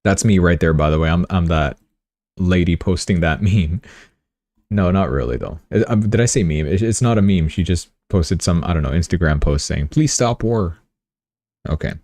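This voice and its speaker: A man with a low, mellow voice that is recorded dry and close. He comments on the news in a chatty, rambling way, breaking off into joking asides. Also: normal speed, dry recording. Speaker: livestream host.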